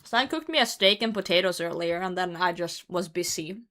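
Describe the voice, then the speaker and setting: A young woman with a bright, clear voice talks loosely to her stream chat, hosting a game from her computer at home. Her delivery is chatty and unscripted, and laughter slips in often between lines. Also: fairly low pitch, moderate pace. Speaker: livestreamer hosting a hide-and-seek game. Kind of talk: casual live-stream chat.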